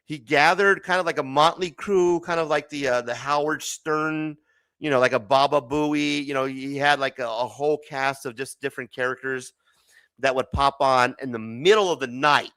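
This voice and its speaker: Bright, laughing Arizona host. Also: male voice, mid-range voice, steady tone, normal speed, clean tone, dry recording. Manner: laughs often, loose and joking. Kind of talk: casual late-night chat.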